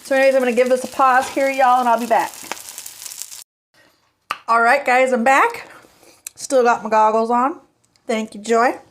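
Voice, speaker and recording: A woman's voice: a little high, fairly even intonation, moderate pace, pauses often. A woman vlogger chatting casually to her phone camera while cooking in her home kitchen, folksy and easygoing.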